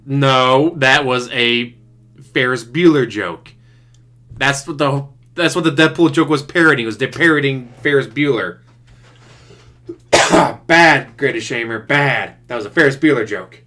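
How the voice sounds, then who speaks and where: A man's voice: mid-range voice, unhurried, bright, forceful tone. A man giving sarcastic, mocking running commentary while he watches another streamer's broadcast. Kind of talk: casual reaction commentary. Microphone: desktop USB mic.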